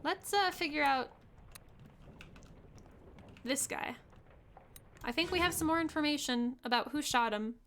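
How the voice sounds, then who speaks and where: A woman's voice: sits high, a little slow, pauses often, fairly bright tone, a little hiss or hum. A woman streamer giving casual, playful gameplay commentary and chatting with her viewers. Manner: playful, chatty, riffing with chat.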